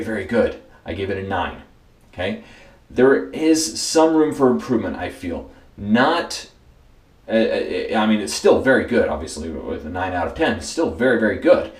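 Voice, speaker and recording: Low-voiced man reviewing in a roomy space. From United States. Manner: easygoing, repeats words for emphasis, frequent fillers. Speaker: host and product reviewer. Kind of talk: casual product review. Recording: roomy echoey room.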